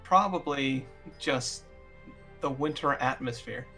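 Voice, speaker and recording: A man's voice: medium pitch, slow pace, sharp tone, faint music behind. A young man co-hosting a podcast, tossing in dry wisecracking one-liners during casual chat. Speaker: podcast co-host.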